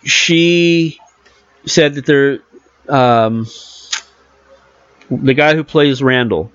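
A man's voice: medium pitch, very slow, a bit bright, smooth, no echo, dull audio. A man co-hosting a podcast in casual chat, rambling and correcting himself as he talks. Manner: rambling, self-correcting, acts out quotes. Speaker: podcast co-host.

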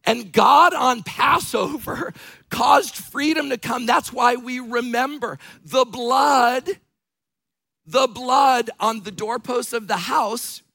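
A middle-aged man preaching a sermon as pastor, telling stories with bursts of shouting and laughter. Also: very high-pitched, slow pace, creaky, no echo.

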